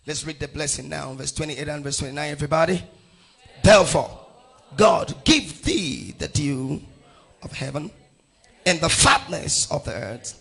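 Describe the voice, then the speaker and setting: A middle-aged male pastor from Nigeria leading his congregation through a Bible passage verse by verse, calling out each verse and rising to shouts on key lines. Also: on the high side, creaky, breathy edge. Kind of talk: sermon with congregational scripture reading.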